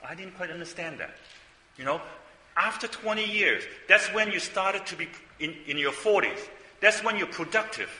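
A man's voice: high voice, expressive, normal speed, sharp tone. Older man preaching in an echoey hall. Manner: conversational storytelling, frequent asides and rhetorical questions. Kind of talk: sermon.

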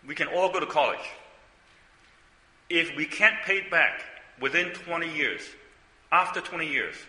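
An older man preaches in a chatty, storytelling way, tossing out rhetorical questions. His voice is bright and sharp, and it rings through a roomy hall with a long reverb. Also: a little high. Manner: conversational storytelling, frequent asides and rhetorical questions. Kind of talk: sermon.

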